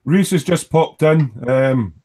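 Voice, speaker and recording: A man's voice: fairly high pitch, slow, warm tone. A man with an Edinburgh Scottish accent hosting a live online hangout, chatting casually and reading out viewer comments with teasing, rambling asides. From Scotland.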